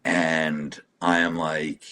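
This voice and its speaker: A man's voice: rumbling low, flat delivery, drawn-out words, bright, forceful tone. A man telling an emotional personal testimony as an interview guest, casual and profane, acting out quotes dramatically.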